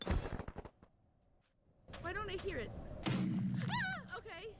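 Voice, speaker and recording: Very high, panicky woman gamer. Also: big pitch swings, moderate pace, background noise. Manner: panicky, repeats herself, close to tears. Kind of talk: live gameplay chat.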